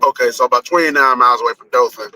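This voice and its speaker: A man's voice: mid-range voice, very fast, pushed and bright, no echo, low-quality recording. A man chatting loosely on a live stream while driving, rambling and swearing casually as he thinks aloud. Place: in a car on a highway.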